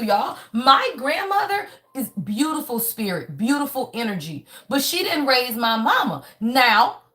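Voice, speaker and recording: A high-pitched woman gives a live tarot reading. She is blunt and profane, preaches at her viewers, and keeps coming back to "y'all" and "right?" as she talks. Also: fairly bright tone. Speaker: tarot reader. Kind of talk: live spiritual reading, casual chat.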